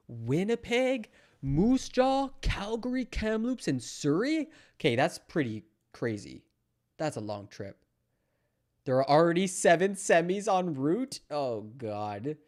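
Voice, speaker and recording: A young Canadian streamer reacts casually to news clips, sarcastic and mocking, rambling with plenty of fillers. He has a medium-pitched voice with a darkish tone.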